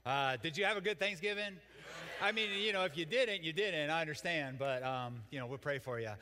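A man's voice: a little high, brisk, bright, forceful tone, in a large hall. An older man preaching a sermon as pastor, folksy and joking with the congregation. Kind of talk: sermon with jokes.

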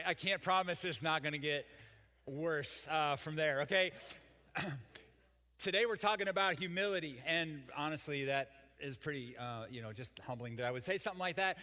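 A man's voice: a little high, pushed and bright, long reverb tail. An older man preaching a sermon as pastor, folksy and joking with the congregation. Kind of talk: sermon with jokes.

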